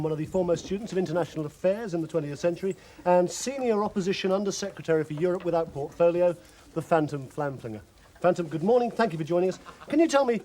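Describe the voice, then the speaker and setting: A man presenting a spoof current-affairs interview in a pompous, deadpan newsreader tone. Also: high voice.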